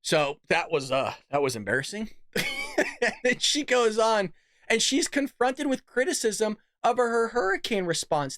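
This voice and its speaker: A man's voice: high voice, very animated, a little slow, fairly bright tone, no echo, studio quality. A man hosting a political commentary podcast, talking in a sarcastic, mocking, chatty way. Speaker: podcast host.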